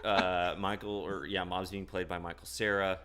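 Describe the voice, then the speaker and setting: A man's voice: low-pitched, level tone, normal speed, heavy background noise. A man from the Midwest hosting a live movie podcast, running segments and reading listener questions in a laid-back, chuckling way. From American Midwest. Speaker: podcast host. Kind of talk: casual live podcast banter.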